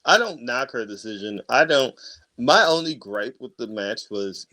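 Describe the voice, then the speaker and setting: A man co-hosting a wrestling podcast in casual chat, animated and quick to swear and laugh. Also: medium pitch, dry recording. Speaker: podcast co-host.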